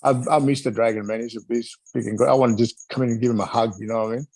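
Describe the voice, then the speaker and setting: A middle-aged man in a relaxed interview, swapping stories with lively energy and frequent laughter. His voice sits at an ordinary male pitch, recorded dry and close with no room echo. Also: very fast, vocal fry. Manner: animated, laughs often, acts out other people's voices. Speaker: guest, retired wrestler. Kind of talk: casual storytelling interview.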